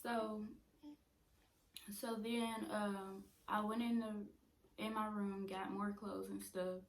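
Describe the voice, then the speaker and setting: A young woman in her twenties casually telling a personal story at home, chatty and animated. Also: mid-range voice, takes it slowly, a little hiss or hum. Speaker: vlogger. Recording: roomy echo.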